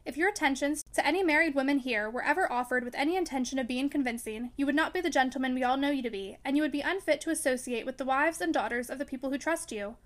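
A woman's voice: high-pitched, fast talker, few pauses, close to an everyday voice. A woman reading the part of a pretty, earnest married woman who scolds firmly in a storybook. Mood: admonishing. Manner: firm, admonishing.

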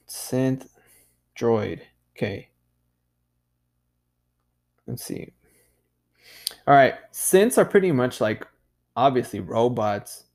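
Slow-talking, profane male podcast host. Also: mid-range voice, a little mellow. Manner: loose and profane, peppered with "dude"; laughs at himself. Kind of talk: casual solo podcast monologue.

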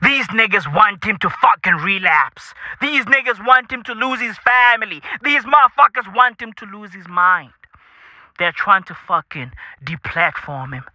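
A man's voice: sits high, pushed and bright, no echo. A South African man hosting a podcast, ranting in a profane comedic style with swaggering slang and repeated phrases. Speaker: podcast host. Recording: dull lo-fi dry recording.

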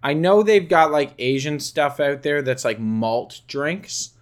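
Laid-back young man, lively pitch. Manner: laid-back, drawn-out, easily laughing. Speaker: podcast co-host. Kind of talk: casual chat.

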